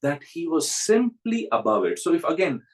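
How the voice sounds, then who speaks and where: A man's voice: on the high side, very animated, moderate pace, gravelly, low-quality recording. Reflective man giving a spiritual talk. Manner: reflective storytelling with frequent chuckles. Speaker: spiritual teacher.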